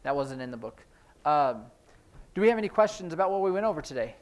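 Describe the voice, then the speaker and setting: Brief: male sign language teacher, slightly high voice, explains as he demonstrates, hurried asides. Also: big pitch swings. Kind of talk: classroom instruction. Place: church classroom.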